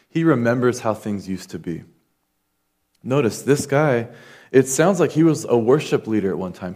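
A man's voice: mid-range voice, darkish tone. A man preaching a sermon in an earnest, conversational way, acting out quoted lines as he goes. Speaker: pastor.

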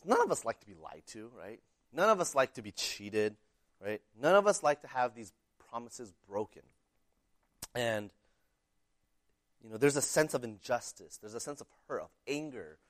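A man's voice: mid-range voice, no echo. A man preaching a sermon in a conversational way, often checking in with "right?" and repeating words as he starts sentences. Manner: conversational, keeps asking "right?".

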